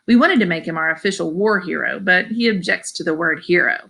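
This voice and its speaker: A woman's voice: lowish voice, fairly quick, gravelly, sharp tone. A woman reading a middle-grade novel aloud, adding chatty asides that explain phrases to her listeners. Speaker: audiobook reader.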